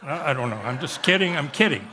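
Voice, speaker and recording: A male pastor preaching a sermon in church, telling stories and jokes and slowing down on emphatic phrases. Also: on the high side, animated, noisy background. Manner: joking, storytelling preacher with emphatic slowed phrases. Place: church service.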